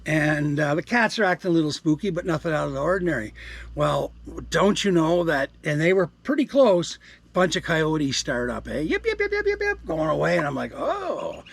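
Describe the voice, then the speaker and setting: Gravelly older man chatting outdoors. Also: fairly high pitch, moderate pace. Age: 60s. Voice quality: gravelly, husky. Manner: rambling, talks to animals and viewers. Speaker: vlogger. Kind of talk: casual outdoor vlog chat. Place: outdoors at a campsite.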